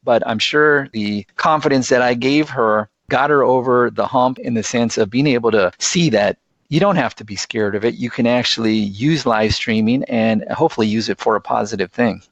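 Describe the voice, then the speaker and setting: A man's voice: mid-range voice, normal speed, dry recording. A man being interviewed about live streaming, telling earnest, enthusiastic anecdotes in a conversational way. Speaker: guest, live streaming expert. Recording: dull, dry lo-fi sound.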